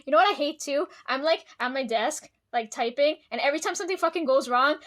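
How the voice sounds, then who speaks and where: High-voiced woman rambling to camera. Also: fast, few pauses. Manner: rambling, swears freely, laughs often. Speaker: vlogger. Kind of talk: casual chat to camera.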